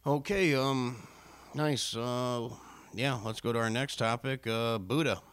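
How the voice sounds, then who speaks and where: A man hosting a casual comedy podcast in a flat, halting way, full of fillers. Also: medium pitch, smooth, no echo. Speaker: podcast host.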